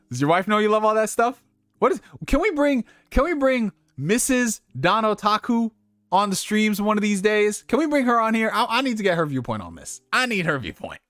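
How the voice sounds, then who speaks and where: A man's voice: high-pitched, fairly bright tone, no room sound, studio quality. A young man hosting a casual livestream, giving dating advice in a loose, profane way and laughing at his own slips. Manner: talks directly to viewers with slang.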